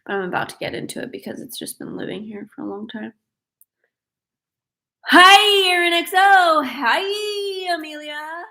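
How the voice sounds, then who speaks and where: A woman's voice: extremely high pitch, animated, a little slow, pushed and bright. A pregnant woman hosting a casual livestream Q&A, chatty and giggly as she reads viewer questions aloud. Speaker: host.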